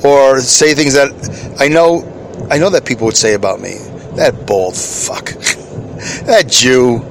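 A man's voice: mid-range voice, measured pace, slight background noise. Rambling middle-aged man talking in his vehicle. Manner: self-deprecating, chuckling, answers his own questions. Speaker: podcast host. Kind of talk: rambling solo podcast monologue.

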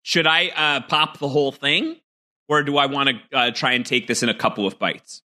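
Bright-voiced chatty man on a call. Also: medium pitch, moderate pace. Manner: chatty, self-mocking, thinks aloud with many fillers. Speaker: podcast co-host. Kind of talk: casual chat, snack taste test. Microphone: video call.

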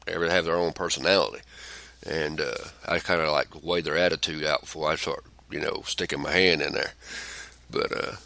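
A man's voice: rumbling low, steady tone, moderate pace, gravelly, pushed and bright, dry recording. A middle-aged man, a podcast co-host telling rambling stories in blunt, profane casual chat.

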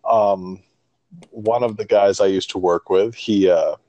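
A man's voice: on the low side, steady tone, unhurried, mellow, dry recording. A man co-hosting a casual podcast, telling rambling, profane stories about being a dad with many restarts. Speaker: podcast co-host; father.

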